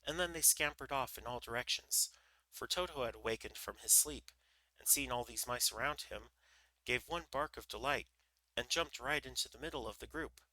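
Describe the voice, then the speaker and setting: A man reading a children's book aloud on a livestream, relaxed, with small slips and restarts. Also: mid-range voice, moderate pace, no echo, low-quality recording. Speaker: livestream storyteller.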